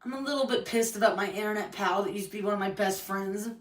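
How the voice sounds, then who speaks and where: A woman's voice: medium pitch, fast, recorded from a distance. Woman, livestream rant: hurt, angry, swearing, in an echoey room away from the mic.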